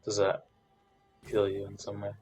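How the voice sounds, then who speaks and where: A man giving casual commentary over a card game match, frustrated, swinging between loud complaints and quiet muttered counting. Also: fairly low pitch, monotone, moderate pace, faint music behind.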